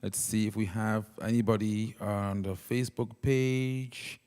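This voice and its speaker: A fairly low, darkish but clean male voice speaks unhurriedly with fairly even intonation, sounding like it's in a big room. He's doing a casual live keyboard demo with singing for stream viewers, using a wireless handheld mic, explaining each step and reading comments while keyboard music plays.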